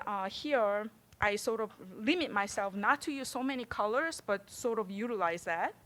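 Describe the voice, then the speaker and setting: Chatty Korean-accented woman artist. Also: a little high. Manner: animated, chatty, laughs often. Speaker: visiting artist. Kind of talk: public artist talk.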